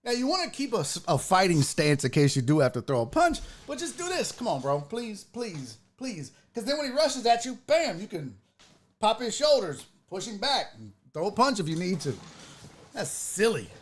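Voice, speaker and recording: Animated high-voiced man riffing loosely. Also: normal speed. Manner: animated, profane, mimics people in high voices. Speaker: show host. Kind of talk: casual reaction commentary.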